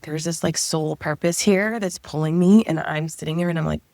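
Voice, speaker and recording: A woman's voice: deep voice, steady tone, normal speed, a little mellow, no echo. A middle-aged woman, a guest, telling a personal story in a casual, chatty way, often saying 'like' and voicing her own past thoughts aloud.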